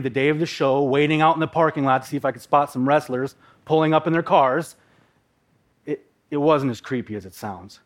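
A middle-aged man from Minnesota telling a personal story in a vivid, animated way. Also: fairly high pitch. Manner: vivid, emotional, animated narration.

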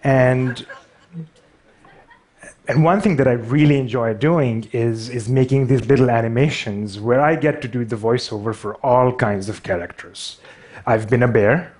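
A man's voice: mid-range voice, unhurried, darkish tone. A man with a Pakistani accent gives a storytelling talk on stage. He pokes fun at himself in a dry, wry way, in an ordinary mid-range voice. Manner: wry, self-deprecating. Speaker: speaker.

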